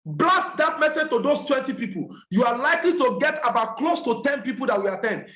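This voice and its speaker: Guy giving a training, really high voice, echoey dull audio, keeps repeating stuff for emphasis. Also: sing-song, brisk, hardly any pauses, bright, forceful tone. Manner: emphatic, repeats key points, mixes Yoruba and English. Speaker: business trainer. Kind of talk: online training session.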